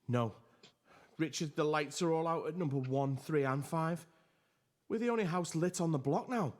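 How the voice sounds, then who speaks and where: A man's voice: on the high side, normal speed, darkish tone, lightly acted. A man with a British accent playing a tense, irritable neighbour who is worried about the strange noises outside. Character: irritable male neighbour named Paul.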